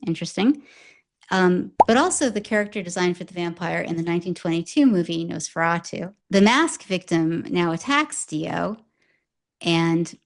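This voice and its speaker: Woman co-host, lowish voice, lively storyteller recap, pops into character quotes. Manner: animated storyteller, acts out quotes. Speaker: podcast co-host recapping an anime. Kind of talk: casual recap and commentary.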